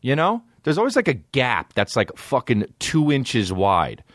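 A man, a podcast host telling stories in a casual, animated way, swearing a lot and acting out voices. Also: medium pitch, measured pace, no room sound, clean studio sound. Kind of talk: casual storytelling.

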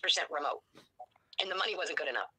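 A woman in her sixties, speaking bluntly and profanely as an interview guest, telling her story in an animated way. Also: low voice, fast talker, husky, no echo, rough recording. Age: 60s. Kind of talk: candid interview.

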